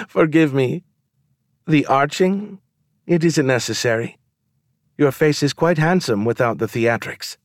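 A man reading aloud voices a young serving woman in a storybook, speaking softly and often in a whisper. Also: mid-range voice, unhurried, pauses often, no echo, studio quality, pitched above the performer's own voice, natural voice. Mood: amused. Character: young woman servant, poised, secretly from the slums.

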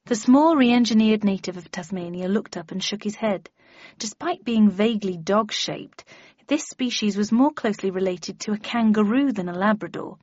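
A woman's voice: mid-range voice, normal speed, a little mellow, dry recording. Woman narrating an audiobook, dry wry tone. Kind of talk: first-person audiobook narration. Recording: dry, slightly dull audio.

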